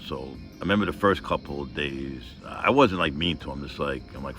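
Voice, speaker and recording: Very deep-voiced man telling a story. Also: animated, brisk, fairly bright tone, faint music behind. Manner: rambling, profane, heavy with filler phrases; earnest, emphatic. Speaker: vlogger. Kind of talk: casual personal storytelling.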